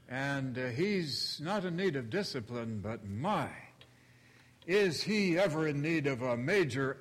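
A man preaches at a very slow, deliberate pace, with a voice a little higher than most men's. He tells the story and acts out its quotes. His words trail off into a long hall reverb. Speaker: pastor. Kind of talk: sermon.

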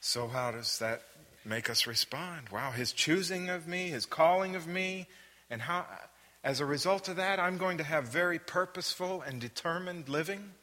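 A man's voice: on the high side, moderate pace, pushed and bright, big-room sound. A man leading a Bible study, reading verses aloud, asking the listeners questions and repeating phrases for emphasis. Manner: reads scripture aloud then asks the listeners questions.

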